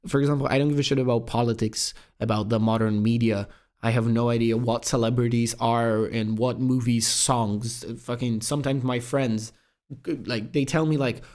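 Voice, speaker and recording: A young man hosting a self-improvement video, talking fast and casually with lots of swearing, calling the viewer bro. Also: medium pitch, fairly even intonation, darkish tone. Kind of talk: casual monologue to camera.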